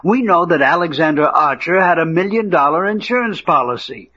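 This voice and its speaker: A proper gentleman. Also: a little high, animated, a little fast. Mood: clipped. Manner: clipped, polite upper-class phrasing. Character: clipped, proper English gentleman adventurer. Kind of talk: 1940s radio acting. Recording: muffled old radio recording.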